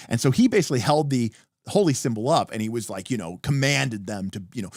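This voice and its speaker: A man hosting a livestream, explaining tabletop game rules in an animated, emphatic casual way with some profanity. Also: medium pitch, fast, no echo, studio quality. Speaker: podcast host. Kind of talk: livestream talk about tabletop games.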